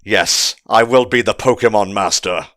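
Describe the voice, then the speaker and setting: A man's voice: lowish voice, moderate pace, fairly bright tone, dry recording, clean studio sound. A man hosting a casual audio commentary, chatty and joking, swearing now and then. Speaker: commentary host.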